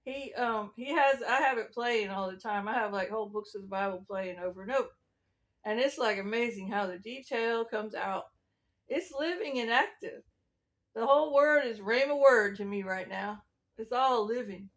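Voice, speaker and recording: High-voiced rambling preacher woman. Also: normal speed. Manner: meandering, preachy, chuckles between thoughts. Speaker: self-styled prophet. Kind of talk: rambling religious testimony.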